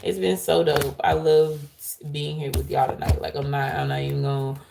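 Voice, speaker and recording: A woman giving a live tarot reading to her viewers, excitable and laughing loudly as she calls out to them. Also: rumbling low, normal speed, vocal fry, noisy background. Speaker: tarot reader.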